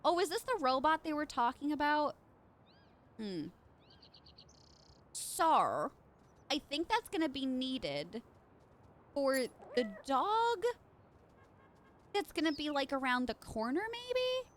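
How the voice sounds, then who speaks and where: A woman streams a game live, chatting with viewers and reacting as she plays. Her voice is high with big pitch swings, and she talks slowly with long pauses. Bubbly and chatty, she reads chat aloud as part of her gameplay commentary.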